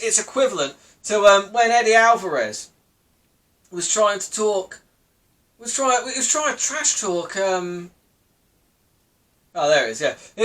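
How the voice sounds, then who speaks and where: Rambling, high-voiced man. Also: a bit bright. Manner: rambling, laughing, swears freely. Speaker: podcast host. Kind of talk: casual solo commentary.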